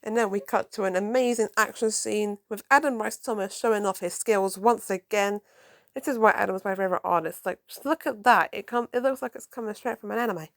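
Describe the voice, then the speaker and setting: Chatty woman gushing over a comic. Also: mid-range voice. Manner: chatty and excitable, swears casually; stumbles and self-corrects while reading. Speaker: comic book reviewer. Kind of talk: casual review, reading comic dialogue aloud.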